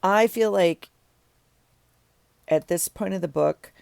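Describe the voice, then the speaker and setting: Taking it slowly, a middle-aged journaling vlogger chats while she crafts, rambling and throwing in self-deprecating asides. Her fairly low voice is creaky with a darkish yet clean tone, and the recording is dry.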